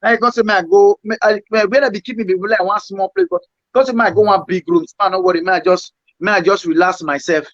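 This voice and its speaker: A man with a Nigerian Pidgin accent, a guest musician telling his story in a rambling, halting way. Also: sits high, a bit bright, no room sound, dull audio.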